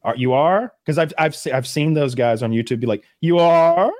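Animated man in casual chat. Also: medium pitch, a little fast, dry recording, studio quality. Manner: animated, acts out quotes in raised voices. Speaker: podcast co-host.

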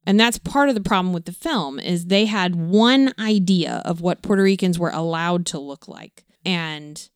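A middle-aged woman patiently explains background facts during a family film chat. Her voice sits a little low and sounds smooth and resonant. The recording is close and dry. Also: moderate pace, hardly any pauses, dry recording. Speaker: co-host, parent. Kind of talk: casual film discussion.

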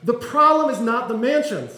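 A man's voice: extremely high pitch, sing-song, normal speed, pushed and bright, echoey room, rough recording. A man pastor giving a sermon in a conversational, self-deprecating way, with touches of humor. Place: church sanctuary.

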